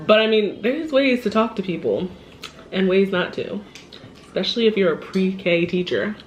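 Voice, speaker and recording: A woman telling a personal story in a casual vlog, animated and upset, laughing and quoting the people in it, a little shaky. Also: mid-range voice, normal speed, lo-fi sound, slight background noise. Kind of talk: casual storytime while eating.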